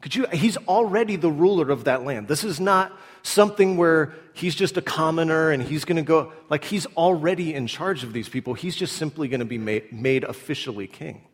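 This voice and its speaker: Animated preacher in a reverberant hall. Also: male voice, slightly rough. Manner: animated storytelling, acting out quotes in a lowered voice. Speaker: pastor. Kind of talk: sermon.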